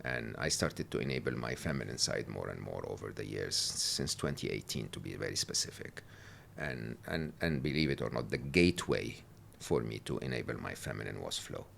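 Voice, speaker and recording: A middle-aged man telling stories as a podcast guest, animated and often laughing, sometimes halting with fillers. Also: very deep voice, vocal fry, slight background noise. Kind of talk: podcast interview.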